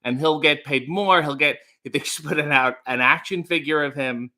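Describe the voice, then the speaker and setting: Casual male streamer, young, bright slightly high voice, rambling and sarcastic while reading chat. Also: normal speed. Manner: playful, rambling, sarcastic asides. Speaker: livestream host.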